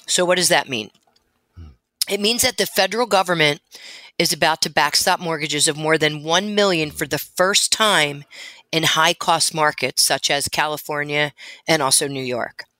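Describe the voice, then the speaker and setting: Female radio co-host, mortgage expert, bright and informative. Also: sits low, normal speed, dry recording. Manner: informative, reads out figures. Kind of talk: radio talk.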